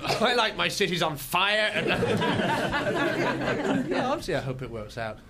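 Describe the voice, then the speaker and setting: A man's voice: high-pitched, huge pitch swings, slow, a loud crowd, heavy background noise. A man on a comedy panel giving dry, sarcastic answers.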